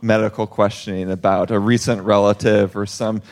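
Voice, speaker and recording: Male guest, slightly low voice, hesitant and sheepish. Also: little pitch movement, a little mellow. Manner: halting, restarting, sheepish. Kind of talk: live comedy podcast conversation. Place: theater stage before a live audience.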